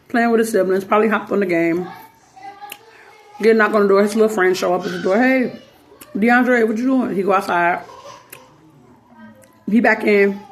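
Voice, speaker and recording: A woman, telling a story in casual commentary, animated and slangy, acting out the quoted voices. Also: mid-range voice.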